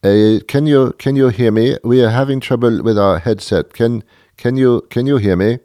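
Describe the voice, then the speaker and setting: A man voicing a frantic telemarketing caller with a thick Indian accent, repeating himself haltingly. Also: mid-range voice, mellow, no room sound, studio quality, voice pushed up, natural voice. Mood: flustered.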